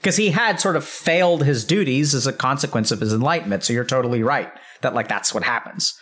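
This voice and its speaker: Brisk and medium-pitched, a man hosting an interview spins a casual, animated yarn. He cusses freely and slips into voices as he acts out the story.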